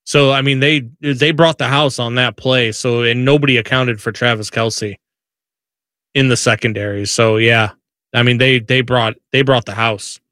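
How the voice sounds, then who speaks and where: A man in his thirties or forties co-hosting casual sports talk, excitable and quick to repeat and restart his phrases. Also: medium pitch, no echo, clean studio sound.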